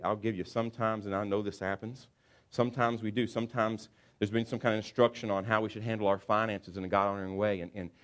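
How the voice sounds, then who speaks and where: A man preaching a sermon as pastor, telling a story with animated, acted-out asides. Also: fairly low pitch. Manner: animated storytelling, acts out football players.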